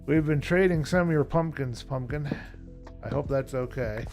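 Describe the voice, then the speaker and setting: A man chatting casually while streaming a game, low-key and rambling, tired and yawning often. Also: moderate pace, darkish tone. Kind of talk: casual live-stream chat while playing. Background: background music.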